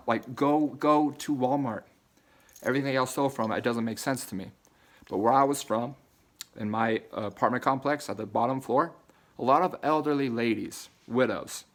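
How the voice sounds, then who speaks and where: A man giving a rambling personal monologue in casual slang, repeating himself and getting emotional. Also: medium pitch. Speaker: vlogger.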